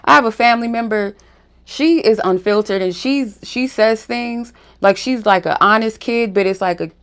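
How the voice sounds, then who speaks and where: On her spiritual reading channel, a woman speaks frankly to the camera in a loose monologue packed with fillers and asides. Her voice sits on the high side with a fairly bright, clear, resonant tone, and she keeps a moderate pace.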